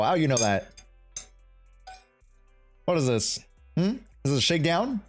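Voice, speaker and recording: A man's voice: a little high, big pitch swings, moderate pace, pauses often, faint music behind. A young man streaming a live game reaction, talking casually in hyped slang and laughing often.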